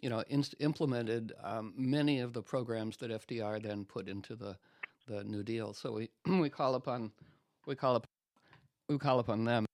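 Brief: male guest storyteller, animated, casual restarts, mid pitch, dry close mic. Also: moderate pace, no echo.

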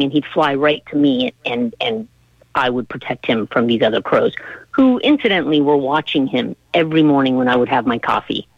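A woman's voice: low voice, breathy edge, no room sound. A woman guest on a radio interview, earnestly telling a story about raising an animal. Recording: dull, dry, lo-fi line.

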